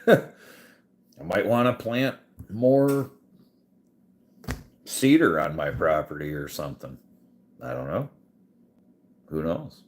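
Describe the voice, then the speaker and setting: A man's voice: very deep voice, sing-song, slow, long pauses. A man telling a profane, exasperated story on a casual podcast, laughing often as he goes. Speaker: podcast host.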